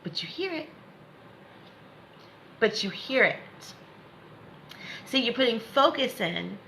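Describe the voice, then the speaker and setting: A woman's voice: fairly high pitch, lively intonation, takes it slowly, creaky, bright, forceful tone, slight background noise, rough recording. A woman spiritual coach leading a live guided meditation lesson, encouraging and reassuring viewers by name.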